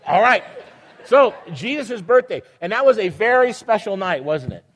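A man's voice: high-pitched, big pitch swings, moderate pace. An older man leading a children's sermon, reading a picture book aloud and teasing the children playfully.

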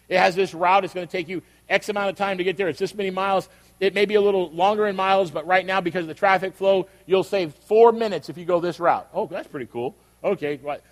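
An older man, a pastor, preaching a sermon in a conversational storytelling way that builds to emphatic questions. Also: high voice. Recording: long reverb of a hall.

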